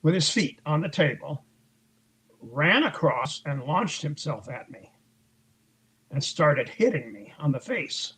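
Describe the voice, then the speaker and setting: A man with a slightly high, sing-song voice speaks slowly with long pauses, his tone fairly bright and a bit rough, and the audio quality is poor. Interviewed as an author, he tells a long story conversationally, full of fillers and restarts, and acts out other people's lines in raised voices.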